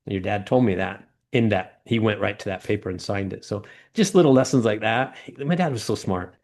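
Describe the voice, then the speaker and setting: Speaking briskly in a low register, this middle-aged guest, who once owned a ladder company, is an animated storyteller in an interview. He voices the characters in his tales with bouncing pitch and frequently starts phrases over.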